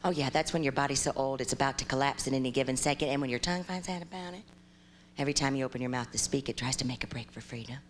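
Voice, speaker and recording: A young adult woman from Ohio performing a stand-up comedy set with animated, exaggerated storytelling on a live stage. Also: a bass voice, rapid-fire, background noise.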